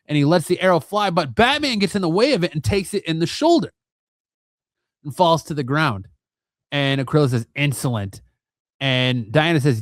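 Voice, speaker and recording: A man's voice: fairly high pitch, expressive, moderate pace, no room sound. Enthusiastic man recapping a comic. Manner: enthusiastic, slangy. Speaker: comic book video host.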